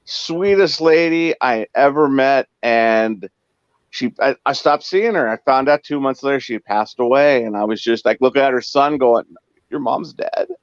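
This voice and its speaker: This man, a former cab driver now co-hosting, shares easygoing stories in conversation and performs each character's dialogue with animation. His voice is smooth, medium in pitch and moderately paced. The lo-fi recording is dull and dry, without echo.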